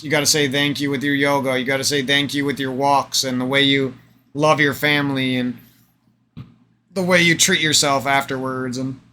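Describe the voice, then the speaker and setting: A man in a rambling, profane vlog monologue, with repeated phrases and a slightly hoarse voice. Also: on the high side, sharp tone, a little hiss or hum. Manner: profane, emphatic, repetitive, rambling. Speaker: vlogger. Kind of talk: unscripted ranting vlog monologue.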